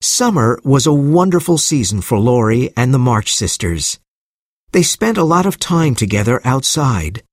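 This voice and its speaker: A man narrating a simple storybook in a clear, measured reading voice. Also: mid-range voice, darkish tone, dry recording, studio quality.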